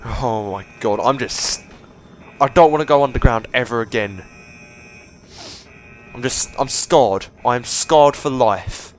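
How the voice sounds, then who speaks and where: A man's voice: medium pitch, measured pace, long pauses, soft background music. A young man commentating on a game he is playing, swearing and breaking into panicky outbursts. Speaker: gameplay commentator. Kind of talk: let's play commentary.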